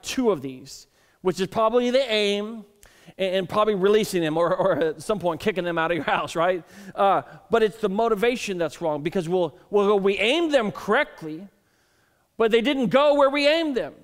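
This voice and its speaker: High-voiced pastor preaching in a hall. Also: male voice, normal speed. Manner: conversational, self-deprecating storytelling with frequent repeated starts. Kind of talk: sermon. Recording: long reverb of a church hall.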